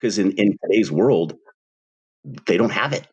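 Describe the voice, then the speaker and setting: Man, 40s, podcast co-host, deep, husky, animated storyteller. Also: unhurried, lo-fi sound. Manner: animated storyteller, acts out dialogue. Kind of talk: casual podcast chat.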